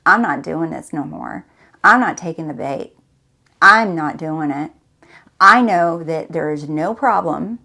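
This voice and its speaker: A woman's voice: deep voice, expressive, measured pace, gravelly, bright, forceful tone. A woman hosting a spiritual motivational talk, speaking emphatically and repeating herself as she coaxes the listener directly. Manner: emphatic, repetitive and coaxing, addressing the listener directly. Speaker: host.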